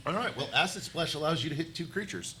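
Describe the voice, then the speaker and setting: A man's voice: fairly high pitch, expressive, fast talker, a loud crowd. A man narrating a live tabletop game as game master, often laughing and stumbling over his words as he narrates.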